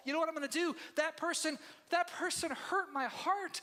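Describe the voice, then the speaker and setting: A male pastor preaching a sermon with a high, bright, forceful voice that rings through a reverberant church hall. He talks to the congregation like friends, swinging between intense, loud bursts and hushed, intimate asides. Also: fairly quick, few pauses. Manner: conversational, addresses congregation as "you guys". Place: church sanctuary.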